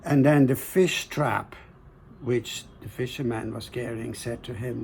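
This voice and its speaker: Brief: gentle male folktale teller, slow with pauses, mellow tone. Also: medium pitch, steady tone, gravelly, a little hiss or hum. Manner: slow, gentle, pausing, drops to hushed asides. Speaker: storyteller, host. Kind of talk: folktale storytelling.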